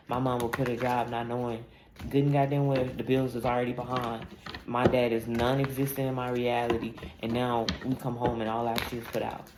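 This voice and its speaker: Blunt, gravelly-voiced woman tarot reader. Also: very deep voice. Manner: blunt, profane, emphatic storytelling. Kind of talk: casual spiritual reading monologue. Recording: echoey room with clear background noise.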